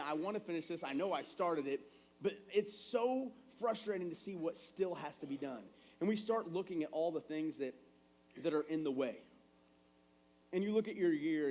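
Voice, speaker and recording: Man, 30s, pastor, sermon, conversational, animated storytelling, slightly high voice. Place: church sanctuary.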